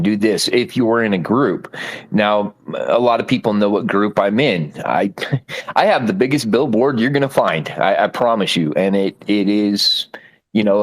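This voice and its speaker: A man's voice: lowish voice, poor audio. A man speaking in a live talk room, rambling and laughing at himself. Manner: rambling, self-deprecating, laughing. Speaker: guest speaker. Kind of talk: casual chat.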